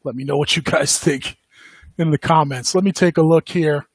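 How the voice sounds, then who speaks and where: A man hosts a podcast in a casual, rambling way, full of fillers and quick laughs. His voice sits a bit high for a man and has a husky edge. The sound is dry and close, with no room around it. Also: no echo. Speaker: podcast host. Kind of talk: casual livestream commentary.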